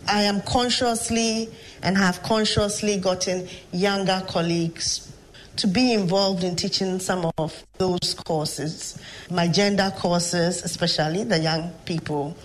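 A woman's voice: lowish voice, fairly even intonation, a little hiss or hum, poor audio. A Ghanaian woman, a professor, telling stories and reflecting in an interview. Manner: storytelling, measured and reflective. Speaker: professor and guest. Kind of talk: interview conversation.

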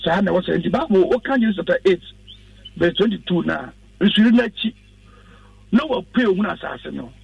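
A man, a pastor on the radio, speaks in an earnest, instructive preaching manner. His voice sits high and carries a gravelly edge. The sound is dry and dull, picked up from some distance off the mic. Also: expressive, a little fast, no echo. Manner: earnest, instructive, quotes scripture. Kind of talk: preaching-style radio talk.

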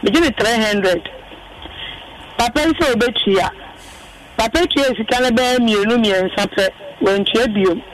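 A woman's voice: on the high side, normal speed, long pauses, recorded from a distance, a loud crowd, poor audio. A woman calling in to a radio show, telling her problem as a landlady in a long rambling account. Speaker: caller, landlady. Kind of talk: call-in radio complaint.

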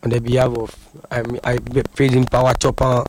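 Guy on a radio interview, halting and repetitive, flat monotone, noisy recording. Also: mid-range voice. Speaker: boxer guest.

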